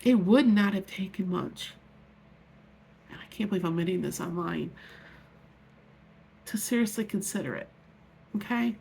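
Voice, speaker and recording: Middle-aged woman, gravelly fry in her voice, earnest heartfelt vlog talk, faint hiss behind her. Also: mid-range voice, normal speed, pauses often, dark tone. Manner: earnest, heartfelt, rambling with many restarts. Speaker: vlogger. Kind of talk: emotional personal vlog.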